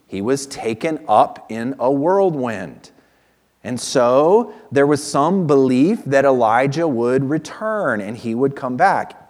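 Conversational male pastor in a reverberant hall. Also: mid-range voice. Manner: conversational, tosses rhetorical questions to the congregation. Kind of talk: sermon. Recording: long reverb of a large hall.

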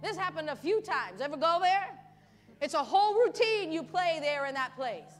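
A woman pastor preaching a sermon at a church service, animated and acting out pleading voices, laughing often. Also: sits high, normal speed, big-room sound, faint music behind.

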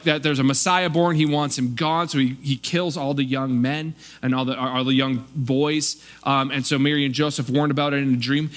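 Male pastor, high voice, chatty sermon delivery, acts out other people's lines, faint mains hum. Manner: animated, acts out townspeople's voices. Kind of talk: casual conversational sermon.

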